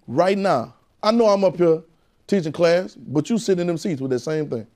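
Man teaching bible class like a sermon, high voice, mellow dark tone, emphatic call-and-response. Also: expressive, normal speed. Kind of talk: preaching-style Bible teaching.

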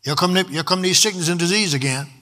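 High, bright-voiced preacher man, sing-song. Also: fast talker. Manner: rhythmic preaching, sometimes half-sung, stretched words for emphasis. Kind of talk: sermon.

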